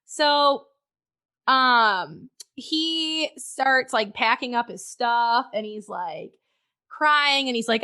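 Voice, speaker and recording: A woman's voice: fairly high pitch, animated, slow, sharp tone. A woman guest on a podcast, frankly telling a personal story in conversation and swearing freely.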